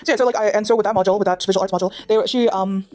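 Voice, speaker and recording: In a dark, steady, mid-range voice, a Durban gaming vlogger with a South African accent chats very fast over her gameplay. She's at home with her dog next to her, rambling through plenty of fillers and restarts.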